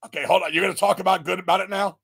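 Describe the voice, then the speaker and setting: Brash male podcast guest: gravelly, higher-pitched, profane, mocking, tends to shout. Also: steady tone, racing, no room sound, clean studio sound. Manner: loud, swearing, mocking, bursts into shouted parodies. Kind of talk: profane casual chat.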